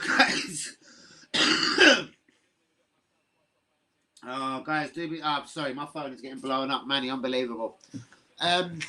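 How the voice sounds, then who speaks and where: Male streamer, stunned, sweary, bright-toned, medium pitch. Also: animated, slow, pauses often. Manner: stunned, swearing, rambling to viewers. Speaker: fan livestream host. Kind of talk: live reaction stream.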